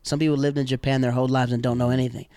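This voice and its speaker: A man's voice: very fast, smooth, no echo. Slangy storytelling man, dry close sound. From American South. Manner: animated, acts out quoted people in high voices, slangy. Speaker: guest telling stories. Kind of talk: casual storytelling chat.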